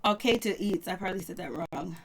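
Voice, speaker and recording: A woman's voice: on the low side, a little fast, slightly rough. A woman casually recapping a reality show for viewers, gossipy and chatty, laughing often and greeting her audience. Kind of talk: casual chat.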